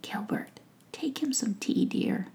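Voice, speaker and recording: A woman voicing a motherly old witch, whispering gently in a whispered role-play. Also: takes it slowly, close to an everyday voice. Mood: tender. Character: wise caring old female witch.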